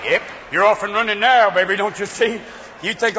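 High-voiced male stand-up comic, fast ranting delivery, dull live club recording. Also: in a large hall, a faint crowd, a little hiss or hum. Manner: rapid ranting with frequent voices and shouts. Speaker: stand-up comedian. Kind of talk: stand-up routine. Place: comedy club stage.

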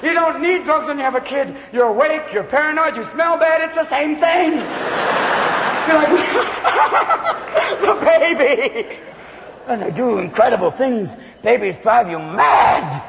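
A man doing a stand-up comedy routine in front of a live audience, talking manically and jumping into silly voices and shouts. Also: very high voice, expressive, moderate pace, creaky, highs cut off. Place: large live venue before an audience. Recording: echoey live hall with loud crowd noise. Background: audience laughter and crowd noise.

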